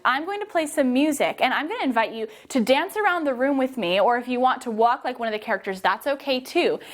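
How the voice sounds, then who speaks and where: Woman, young adult, high voice, energetic, encouraging, kids' movement storytelling. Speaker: children's movement teacher and storyteller. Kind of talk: guided kids' yoga storytelling.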